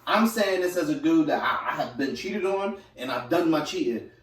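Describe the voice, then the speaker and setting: A man's voice: on the high side, expressive, normal speed. A young man co-hosting a podcast in casual, profane chat, laid-back and trailing off mid-thought. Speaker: podcast co-host. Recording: roomy, from far off the mic.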